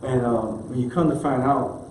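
In an echoey space with a little background noise, a minister preaches at a moderate pace in a mid-range, darkish voice. His delivery is casual and colloquial yet emphatic, with key phrases repeated for effect.

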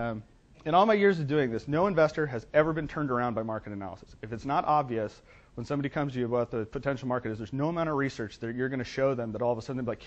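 Fast-talking man telling a wry business story. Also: medium pitch. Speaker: business plan consultant and speaker. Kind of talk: storytelling talk to entrepreneurs. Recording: dull lo-fi recording.

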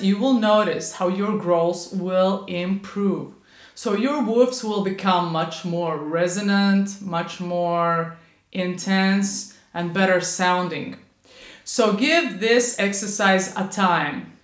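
Slow, patient woman vocal coach. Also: medium pitch, a bit bright, reverberant. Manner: patient, demonstrates light barks and coughs. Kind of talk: instructional lesson.

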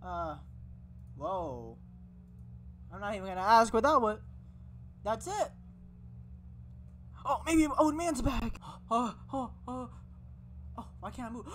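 Woman, gaming commentary, screams at scares, teases the monster, slow-paced chatter, faint background noise. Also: a little high, animated. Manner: shrieks and screams at scares, trash-talks the monster. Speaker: gaming video creator. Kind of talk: live gameplay commentary.

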